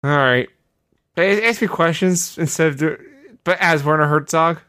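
A man's voice: fairly high pitch, normal speed, sharp tone, clear, resonant tone. A man hosting a comedy podcast who explains the rules and often sounds exasperated while laughing along. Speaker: podcast host. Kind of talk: casual comedy chat.

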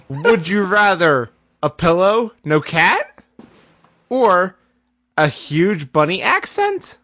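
A man's voice: sits high, big pitch swings, slow, pauses often, sharp tone, no room sound. A man hosting a podcast, reading out silly questions and groaning at his co-hosts' jokes. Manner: teasing, exasperated groaning at jokes. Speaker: podcast host. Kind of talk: casual comedic chat, reading out questions.

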